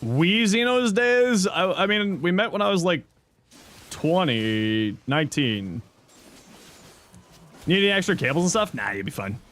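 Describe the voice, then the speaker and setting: A man's voice: sits high, very animated, measured pace, pauses often, a bit bright. A man in his thirties casually chatting on a game stream, answering chat with loose jokes and mild swearing. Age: 30s.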